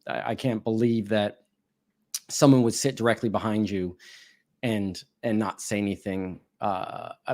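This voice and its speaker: A man's voice: lowish voice, a little mellow. A man hosts an interview in a casual chat style. He talks hesitantly and restarts his sentences as he reacts. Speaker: host.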